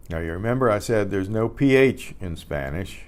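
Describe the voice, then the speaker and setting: An older man teaching beginner Spanish, patiently spelling out letters, repeating words and often clearing his throat. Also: fairly low pitch, expressive, moderate pace. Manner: frequent throat clearing and self-corrections. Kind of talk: beginner language lesson.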